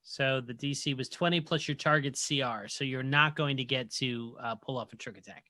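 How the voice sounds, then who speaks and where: Bright-voiced male game master. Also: medium pitch, moderate pace, dry recording. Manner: calm rules explanations. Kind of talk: running a tabletop game.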